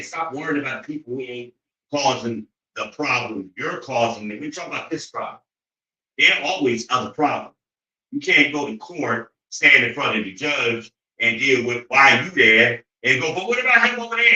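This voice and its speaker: A man with a piercingly bright, cutting voice delivers a preachy, profane monologue. He keeps hammering his points, often climbing into loud, incredulous outbursts. The sound carries a roomy echo. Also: mid-range voice. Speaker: show host. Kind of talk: opinionated monologue.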